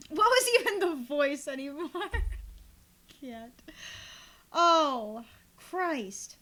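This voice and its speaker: Very high-voiced giggly woman streamer. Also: animated, extremely slow, long pauses, pushed and bright. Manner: giggly, swears a lot, reads dialogue aloud. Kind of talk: casual let's-play commentary. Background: game music.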